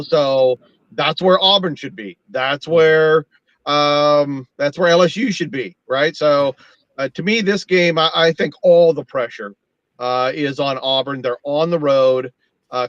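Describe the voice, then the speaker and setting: Measured man on dull remote audio. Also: on the high side, fairly bright tone, no room sound. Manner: measured, builds arguments with stats. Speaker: football analyst guest. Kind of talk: analytical panel talk.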